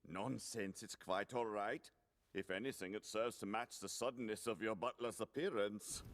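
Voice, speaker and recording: An actor playing a jovial, worldly old gentleman who tells stories in a measured, genial way in an anime. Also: lowish voice, dry recording, natural voice. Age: older. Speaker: anime character. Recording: anime clip with score underneath. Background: background music.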